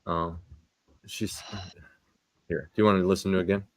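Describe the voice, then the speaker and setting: A man's voice: deep voice, steady tone, normal speed, no echo. A man co-hosting a clip-reaction show with laid-back, dry comments. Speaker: co-host reacting to clips. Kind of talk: reaction banter.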